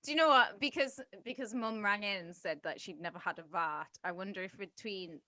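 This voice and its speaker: A woman's voice: mid-range voice, fairly quick, bright, forceful tone, dry recording. A woman podcast co-host, chatting crudely and bluntly, swearing and laughing often. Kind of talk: casual crude chat.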